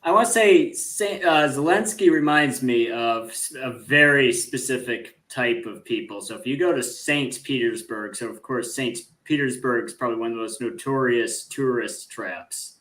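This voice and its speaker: Bright-voiced male panel guest, chatty. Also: mid-range voice, normal speed, few pauses. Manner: chatty, storytelling, restarts sentences. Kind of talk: casual panel discussion.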